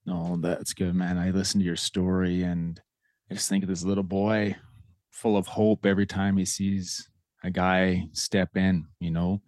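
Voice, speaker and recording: A man's voice: low voice, little pitch movement, unhurried, darkish tone, no room sound, clean studio sound. A man hosting a podcast interview, with an earnest, heartfelt and reflective manner. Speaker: podcast host, educator. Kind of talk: casual interview.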